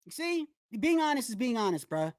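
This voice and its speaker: A woman's voice: on the high side, big pitch swings, a little fast, dry recording, studio quality. Blunt, swearing woman ranting on stream. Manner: blunt, emphatic, swears, many restarts. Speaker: boxing commentary streamer. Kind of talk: live stream commentary, casual rant.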